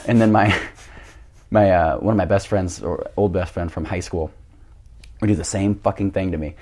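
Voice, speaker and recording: A man's voice: low voice, quick pace, darkish tone, a little hiss or hum. A young man with a grainy voice, a jiu-jitsu coach telling stories as a guest in a casual chat, full of fillers and laughs. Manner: rambling storyteller, many fillers and laughs.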